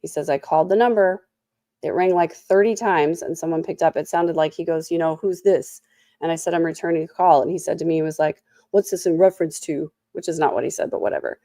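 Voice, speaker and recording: A woman's voice: low-pitched, fast, mellow, no room sound, studio quality. A tired woman with a sore throat hosting a casual trial recap, full of snarky, sarcastic asides. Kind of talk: casual commentary.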